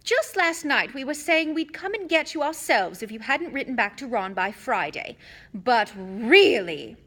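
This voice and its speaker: Woman voicing a scolding storybook witch mum, high and piercing, loud bursts, wild swoops in pitch. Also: very animated, unhurried, heavily acted. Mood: fussing. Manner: shrill, scolding, then fussing kindly. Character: fierce scolding middle-aged witch mother.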